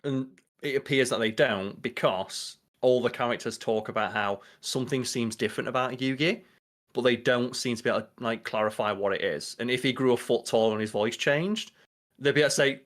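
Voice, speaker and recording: A man's voice: mid-range voice, a little fast, fairly bright tone. A young adult man co-hosting a podcast, chatting casually and riffing with a lot of swearing. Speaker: podcast co-host. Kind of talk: casual chat.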